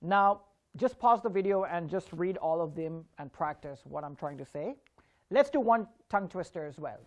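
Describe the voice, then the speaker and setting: A man giving an online spoken English lesson, drilling words slowly and clearly and encouraging his learners. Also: high-pitched, expressive, muffled recording.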